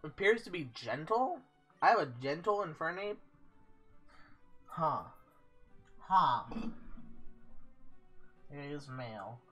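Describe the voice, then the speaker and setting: Bright, lively-voiced gaming man. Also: on the high side, slow, pauses often, faint music behind. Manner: reads game text aloud, jokes and swears. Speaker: let's play host. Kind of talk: casual gameplay commentary.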